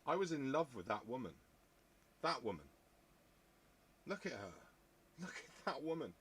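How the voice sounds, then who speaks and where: A man talks casually in a bright, forceful voice. He rambles from one thought to the next, breaks off into jokey asides, and keeps it chatty as he hosts. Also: medium pitch, big pitch swings, moderate pace, husky. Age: 50s. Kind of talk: casual chat.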